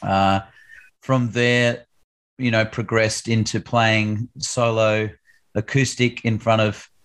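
A man's voice: on the low side, flat delivery, takes it slowly, a bit bright, smooth. An Australian man in his thirties, a musician answering interview questions with lots of hesitation and restarts. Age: 30s. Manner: hesitant, many ums and restarts. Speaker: musician guest.

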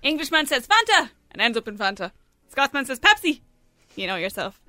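A woman's voice: fairly high pitch, animated, fast talker. A woman co-hosting a radio show, reading listeners' jokes and giggling as she goes. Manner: giggly, laughs through her reading. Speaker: radio co-host. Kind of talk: casual chat, reading texts.

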